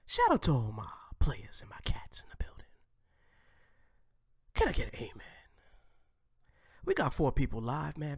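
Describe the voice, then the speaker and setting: A man hosting a live stream, ranting crudely and preachily, swinging between shouting and whispering. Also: sits high, creaky, breathy edge.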